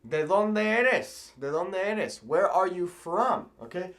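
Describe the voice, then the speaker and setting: A man from California teaching a video language lesson, animated and repeating phrases slowly for learners. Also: sits high. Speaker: Spanish teacher.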